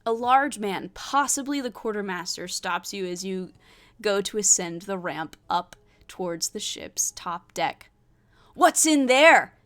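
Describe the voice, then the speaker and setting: A woman's voice: medium pitch, measured pace, a bit bright. A woman playing a solo tabletop adventure, reading it aloud and hesitantly thinking through her choices. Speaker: solo tabletop game player.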